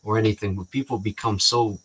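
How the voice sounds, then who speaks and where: A man's voice: on the low side, fairly even intonation, brisk. A man talking in a rambling, casual way to his viewers, often restarting sentences and acting out what people said to him. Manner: rambling, restarts often, acts out quoted exchanges. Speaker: vlogger.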